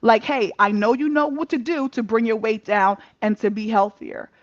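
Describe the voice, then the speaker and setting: A woman telling a personal story in a candid casual chat over a video call, animated and laughing often, cursing freely. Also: fairly high pitch, moderate pace, no echo. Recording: dull muffled lo-fi mic.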